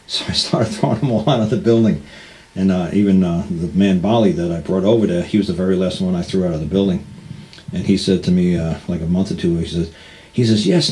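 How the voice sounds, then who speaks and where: A man's voice: low voice, dark tone, low-quality recording. A man telling a rambling, blunt story in a casual way and acting out the people he quotes.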